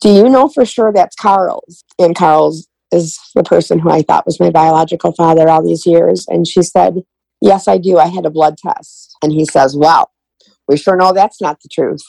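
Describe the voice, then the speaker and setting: Middle-aged woman, bit low and gravelly, chatty storytelling, dry close sound. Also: normal speed, no room sound, rough recording. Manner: animated retelling with quoted dialogue. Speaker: guest. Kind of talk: conversational storytelling.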